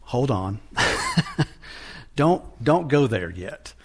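Man, preacher, slow deliberate sermon, mid-pitched voice. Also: huge pitch swings, husky. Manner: slow and deliberate, with frequent restarts. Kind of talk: sermon teaching on scripture.

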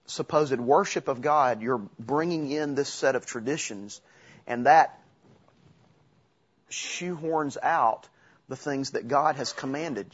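Husky man preaching a conversational sermon. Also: mid-range voice, highs cut off. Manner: conversational, with asides and self-corrections. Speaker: pastor.

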